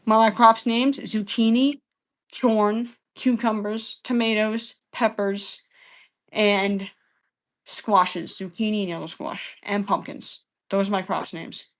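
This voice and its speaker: A woman's voice: medium pitch, steady tone, takes it slowly. Profane, combative woman arguing with chat. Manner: repeats phrases over and over. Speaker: livestream debater. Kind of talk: heated livestream argument with chat.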